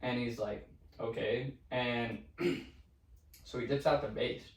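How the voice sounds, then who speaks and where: A man co-hosting a podcast, telling eerie stories in a casual, profane, animated way. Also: medium pitch, takes it slowly. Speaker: podcast co-host. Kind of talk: casual storytelling chat. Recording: roomy, distant mic.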